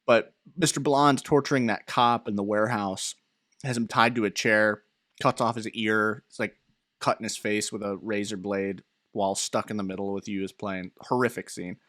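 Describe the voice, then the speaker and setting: A young man in his twenties co-hosting a podcast, telling rambling, animated stories with fillers and laughs. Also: on the low side, normal speed, dry recording, studio quality. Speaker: podcast co-host. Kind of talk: casual chat.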